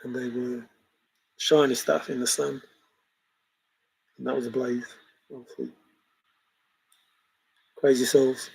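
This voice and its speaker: A man's voice: medium pitch, flat delivery, takes it slowly, creaky, pauses often, darkish tone, slightly rough, low-quality recording. A man hosting a livestream, chatting casually in a rambling way and chuckling as he reacts to viewers' comments. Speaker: livestream host reading chat. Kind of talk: casual chat.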